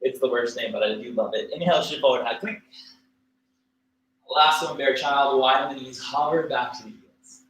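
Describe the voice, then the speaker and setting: A man teaching a livestreamed yoga class, cueing poses and breaths in a relaxed, casual way with fillers and small jokes. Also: mid-range voice, normal speed. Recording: echoey room with faint ambient noise.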